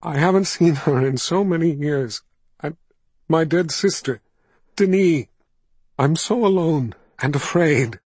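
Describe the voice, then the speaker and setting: A man's voice: a little high, measured pace, darkish tone, slightly rough, no room sound. A man voicing a frightened young woman haunted by the underworld, speaking faintly and through sobs in an audiobook reading. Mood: sobbing. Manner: faint, distant and sobbing.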